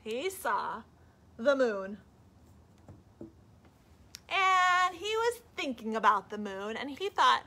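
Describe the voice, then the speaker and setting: A woman librarian reading a picture book aloud at a children's storytime, animated and asking the kids questions. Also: high-pitched, slow, pauses often.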